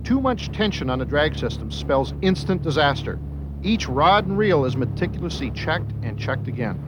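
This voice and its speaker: A man's voice: a little high, sing-song, moderate pace, background noise. A man narrating a fishing documentary in a scripted, suspense-building way. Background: background music.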